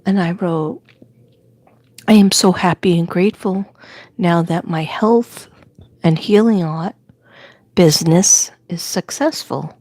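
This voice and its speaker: Older woman, New York accent, lowish voice, chatty rambling talk, dry close sound. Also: darkish tone, no room sound. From Staten Island, New York. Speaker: livestream host. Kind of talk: casual chat.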